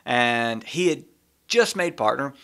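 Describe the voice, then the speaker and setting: Bright-voiced man telling a lively story. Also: medium pitch, slow pace, creaky, clear, resonant tone. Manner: animated, laughs often while telling a story. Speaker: podcast co-host. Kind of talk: casual storytelling.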